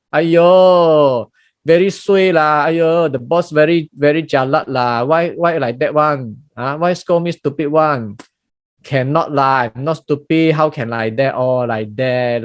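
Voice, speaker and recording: In a dry, clean studio-sounding recording, a middle-aged man with a slightly high voice teaches as a Buddhist in a lecture room. His dharma talk is lively, with everyday scenes acted out, casual exclamations, frequent fillers and restarts.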